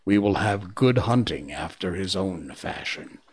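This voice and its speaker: A man reading aloud, voicing a gruff but kindly old male bear who mumbles. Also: low voice, animated, measured pace. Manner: mumbling, gentle.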